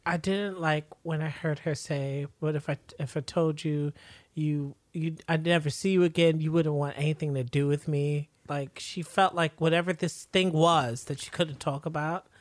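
A woman's voice: sits low, fairly even intonation, moderate pace, dry recording. A woman co-hosting a casual recap podcast, thoughtful and hesitant, searching for her words. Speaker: podcast co-host.

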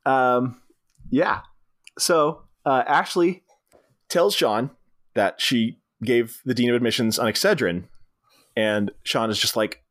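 A man's voice: medium pitch, takes it slowly, pauses often. A man co-hosting a podcast, telling the plot of a film in a casual comedic style and acting out its lines in voices. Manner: animated storytelling, acting out movie lines in voices. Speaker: podcast co-host.

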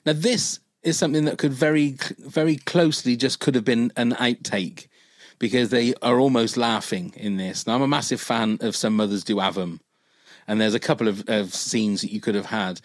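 A man's voice: medium pitch, moderate pace, no echo. A man, chatting casually as podcast host and rambling through a comedy story. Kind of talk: casual chat.

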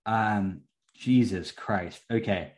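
Excitable, swearing young man. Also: lowish voice, takes it slowly. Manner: swears freely, excitable, laughs often. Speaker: podcast co-host. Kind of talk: casual chat.

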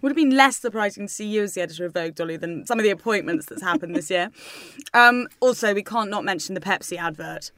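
A brisk woman trading teasing remarks as a podcast co-host. She talks quickly and swears freely, laughing between lines. The sound is close and dry, with no room around it. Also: mid-range voice, fairly bright tone, no room sound. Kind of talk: casual chat.

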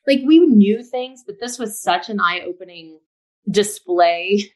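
A woman's voice: medium pitch, lively intonation, takes it slowly, a little mellow. A middle-aged woman with a mid-range voice co-hosts a casual podcast. She is emphatic and opinionated, cutting in to stress her view. Her delivery stays chatty and informal. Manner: emphatic and opinionated, breaks in to make her point. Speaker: podcast co-host.

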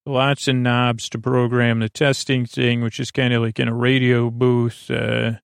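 Recapping a TV episode for a sleep podcast, a man with a gravelly, mid-range voice meanders haltingly, full of filler sounds, restarts, and self-corrections. His delivery is flat and even, and the recording is close and dry with no echo.

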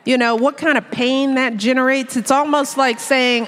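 A woman's voice: high voice, moderate pace, long reverb tail, slight background noise. A woman hosting a podcast, talking earnestly and reflectively in a casual, heartfelt conversation. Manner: earnest, reflective, quotes others in lively put-on tones. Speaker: podcast host.

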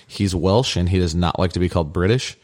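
A man's voice: sits low, a little fast, darkish tone. A middle-aged man co-hosting a podcast, telling rambling family anecdotes with lots of fillers in casual chat. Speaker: podcast co-host.

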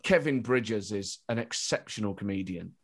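A man's voice: fairly low pitch, moderate pace. A British man, a comedian, talking animatedly as a podcast guest, often restarting his thoughts mid-sentence. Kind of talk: casual interview chat.

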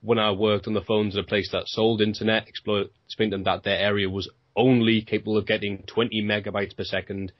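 A man's voice: on the low side, level tone, brisk, hardly any pauses, no echo, lo-fi sound. A man in his late twenties, a podcast guest who jokes in a self-deprecating way. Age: 20s. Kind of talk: casual podcast chat.

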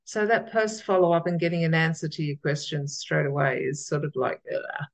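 A woman with a gravelly voice, chatting casually as a podcast guest and often restarting her sentences. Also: deep voice, steady tone, normal speed, low-quality recording. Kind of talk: casual interview chat.

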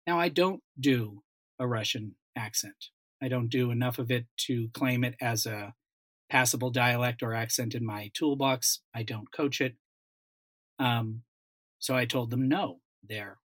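A man's voice: medium pitch, no echo. A man, a dialect coach and voice actor, telling a story in a casual panel chat, with many restarts.

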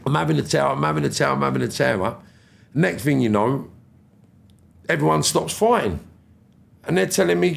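Gravelly London man telling blunt stories. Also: fairly high pitch, lively intonation, moderate pace, pauses often. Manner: blunt street slang, swears freely, vivid retelling. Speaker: guest. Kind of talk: casual storytelling.

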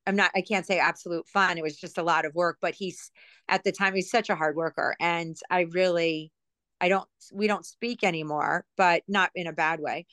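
A woman's voice: fairly low pitch, fairly even intonation, moderate pace, fairly bright tone, no room sound. Chatty middle-aged woman telling stories. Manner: chatty, rambling, self-mocking, lots of asides and fillers. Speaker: guest, former TV producer. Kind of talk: casual storytelling in a podcast interview.

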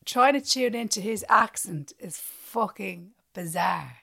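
Animated Irish woman acting out scenes. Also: medium pitch, slow, creaky, slightly rough. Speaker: podcast co-host. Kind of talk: casual chat.

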